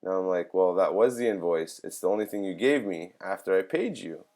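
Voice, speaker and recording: A man's voice: deep voice, animated, fairly quick, darkish tone. A young man in a casual vlog, recounting a dispute with a mechanic and acting out both sides of the conversation, audibly frustrated. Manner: frustrated, retells dialogue in quotes. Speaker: customer telling a complaint.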